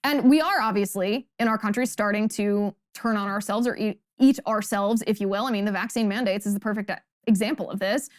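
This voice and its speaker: A woman's voice: medium pitch, fairly quick, few pauses, dry recording, studio quality. A woman hosting a political commentary show, delivering an emphatic, sarcastic monologue full of rhetorical questions. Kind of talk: opinionated monologue.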